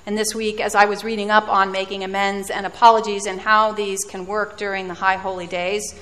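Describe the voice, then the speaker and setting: A woman's voice: mid-range voice, little pitch movement, brisk, a bit bright. Female preacher, reflective storytelling sermon with dry self-mocking humor, long hall reverb.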